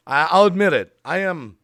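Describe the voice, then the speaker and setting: A man's voice: a little high, fairly bright tone. Worked-up man hosting a live stream. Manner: worked up and ranting, apologizing for cutting in. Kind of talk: casual live stream chat.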